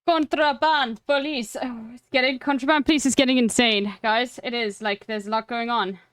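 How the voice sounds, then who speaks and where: A young woman livestreams a game, chatting casually, swearing and making fun of herself. Her voice is slightly high and a bit bright, with fairly even intonation, a moderate pace and a smooth quality, recorded with no echo.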